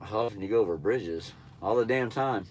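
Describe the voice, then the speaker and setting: A man's voice: on the low side, fairly quick, a little hiss or hum. A man with a nasal, stuffed-up voice chatting casually on a live stream, answering viewers in a laid-back, blunt, rambling way. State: stuffy nose. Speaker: truck driver trainer livestreaming.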